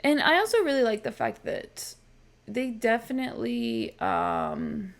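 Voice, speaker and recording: A woman's voice: a little high, huge pitch swings, unhurried, vocal fry. A woman hosting a reaction channel, casually recapping a TV episode with lots of ums and likes, chatty and gushing.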